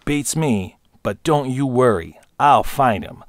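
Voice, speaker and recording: A man's voice: mid-range voice, animated, slow pace, a little hiss or hum. A man voicing a cocky, vain young pilot with a smug, brash way of talking, over background music.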